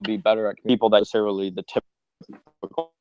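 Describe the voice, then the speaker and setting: A man's voice: lowish voice, flat delivery, brisk, no room sound. Hesitant man on a muffled call. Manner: hesitant, many "like" fillers. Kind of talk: casual group chat.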